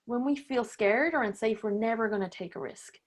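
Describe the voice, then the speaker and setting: A woman's voice: on the high side, fairly quick. A woman in her thirties, a podcast guest, telling a personal story in casual interview talk, acting out her own inner voices with laughs and the odd swear. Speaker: podcast guest, breathwork teacher.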